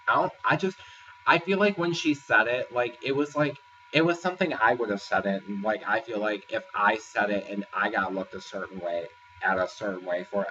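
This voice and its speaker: A man's voice: on the low side, pushed and bright, a little hiss or hum. A man casually recapping a reality show episode in a rambling, filler-heavy way. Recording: distant, dull lo-fi sound with faint ambience.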